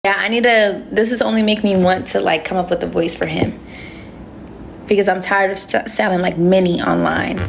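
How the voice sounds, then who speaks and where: Woman livestreamer, gravelly fry, mid pitch, chatty and rambling, phone mic. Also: steady tone, normal speed, background noise. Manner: chatty and rambling, laughs often. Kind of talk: casual livestream chat.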